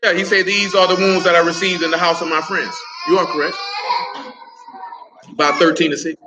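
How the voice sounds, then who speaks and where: A man's voice: sits high, little pitch movement, fairly quick, very noisy. A man leading an interactive Bible study, talking casually, teasing and quizzing his listeners by name. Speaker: Bible teacher.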